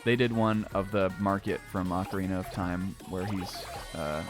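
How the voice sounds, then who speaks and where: A man's voice: low voice, steady tone, normal speed, hardly any pauses. A man streaming a video game in a casual, rambling way, swearing often and laughing a lot. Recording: faint game music behind.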